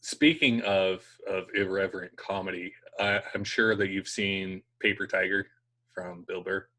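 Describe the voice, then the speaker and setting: Man, podcast host, low voice, bright edge, casual and swearing. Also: flat delivery, measured pace. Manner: laid-back, swearing, stumbling over words. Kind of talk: casual conversation.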